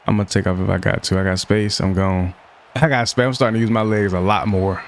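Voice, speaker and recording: Young man, low-pitched, slangy, frustrated, gameplay commentary, faint background noise. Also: steady tone, quick pace, creaky. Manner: frustrated, slangy, self-talk while playing. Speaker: gaming YouTuber.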